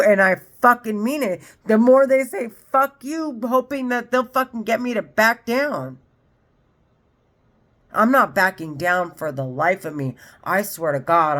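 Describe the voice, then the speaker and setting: A woman in her forties delivering an unscripted monologue, a heated and profane rant that circles back on itself. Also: lowish voice. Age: 40s. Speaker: vlogger.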